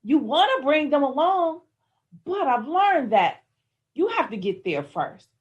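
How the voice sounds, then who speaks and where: A woman's voice: high-pitched, big pitch swings, a little slow, dull audio. Emphatic woman giving a motivational talk. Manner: emphatic, repetitive, swinging from soft to loud. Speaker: motivational speaker.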